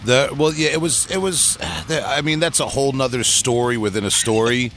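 A man's voice: mid-range voice, animated, moderate pace, a bit bright, slight background noise. A man hosting a podcast interview, talking loosely with many restarts and fillers. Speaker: podcast host. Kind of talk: casual interview chat.

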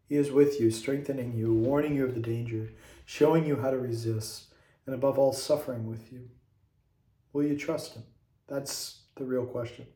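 A man's voice: mid-range voice, mellow. A man who is a priest, giving an earnest homily that speaks straight to the listener. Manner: earnest, direct, urging the listener. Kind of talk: homily addressed to viewers. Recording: echoey room.

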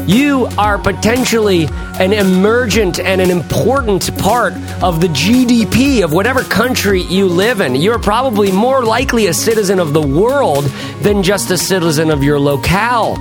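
A man with a slightly high voice hosts a podcast in a lively, playful monologue, forever tossing in "right?" and "why?" to pull the listener along. Soft music sits faintly behind him. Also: moderate pace. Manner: rhetorical, keeps asking "right?" and "why?"; playful, hams it up. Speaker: podcast host. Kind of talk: casual energetic podcast monologue.

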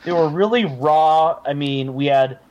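A man co-hosting a podcast in casual chat, lively and joking. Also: on the high side, a little slow, highs cut off, a little hiss or hum. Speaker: podcast co-host.

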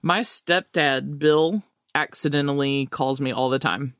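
A man co-hosting a podcast in casual chat, laughing often and talking in an animated way. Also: on the high side, measured pace, clear, resonant tone, dry recording, clean studio sound. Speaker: podcast co-host.

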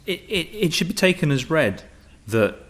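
A man hosting a casual political discussion, speaking in a measured, emphatic way. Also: a little high, big pitch swings, fairly bright tone. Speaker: podcast host.

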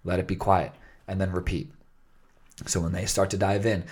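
Low-voiced man explaining casually. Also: flat delivery, normal speed, long pauses, a little mellow, husky. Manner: rambling explainer, many fillers and restarts. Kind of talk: casual chat.

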